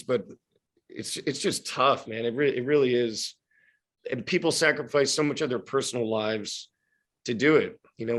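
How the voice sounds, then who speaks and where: A man in his thirties, a guest actor on a casual podcast, talking reflectively with many restarts and hedges. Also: mid-range voice.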